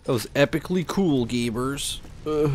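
A man casually commentating his gameplay in a chatty, rambling, excitable way. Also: medium pitch, normal speed, slight background noise. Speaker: gaming streamer. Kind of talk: casual let's-play commentary.

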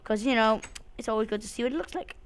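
A woman's voice: a little high, quick pace, smooth. A woman giving casual, jumpy commentary while she plays a game, swearing often and talking to herself and to the game. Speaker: let's play host.

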